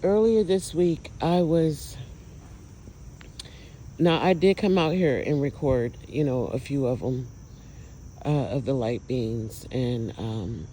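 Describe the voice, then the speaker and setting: A man filming outdoors at night, talking to viewers in an emotional, awed, exclaiming way with drawn-out words. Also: mid-range voice, warm tone, slight background noise, poor audio. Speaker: vlogger filming lights at night. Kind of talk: excited casual commentary to viewers.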